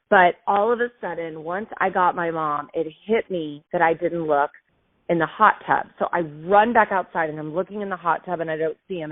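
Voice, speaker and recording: A woman's voice: fairly low pitch, no echo. Woman telling a story over a tinny line. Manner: emotional, animated retelling. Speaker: host. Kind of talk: casual storytelling monologue. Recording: dry tinny phone-like sound.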